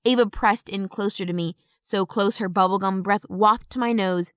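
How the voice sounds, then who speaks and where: A woman giving brisk, expressive first-person audiobook narration on a close studio mic. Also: mid-range voice, clean tone, dry recording.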